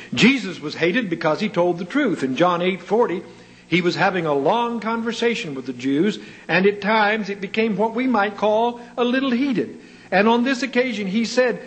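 A man delivering a sermon in a fairly high-pitched voice. He tells stories with dry humor. His voice swings up and down as he fires off rhetorical questions. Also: expressive, moderate pace, poor audio. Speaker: preacher.

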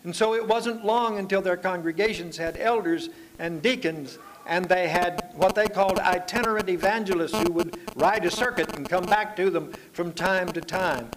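An older man preaching a sermon, telling stories in an unhurried, folksy way and drawing out his phrases. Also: sits high, a little hiss or hum. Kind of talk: sermon with anecdotes.

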